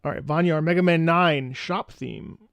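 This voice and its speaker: A man's voice: on the high side, moderate pace, creaky, a bit bright, dry recording, highs cut off. A man hosting a casual reaction video, chatting and reading out viewer requests at home.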